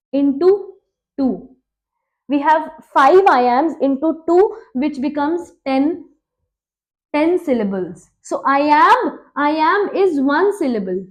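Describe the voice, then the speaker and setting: High-voiced Indian English woman teaching. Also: lo-fi sound. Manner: quizzing, repeats key facts, slows to stress terms. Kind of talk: exam-prep lecture at a board.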